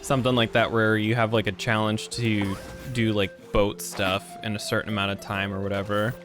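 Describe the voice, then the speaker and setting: A man's voice: on the low side, little pitch movement, moderate pace, music in the background. A man streaming a video game who talks casually, swears freely and trips over hard names. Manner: rambling, profane, stumbles over names. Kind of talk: casual gameplay commentary.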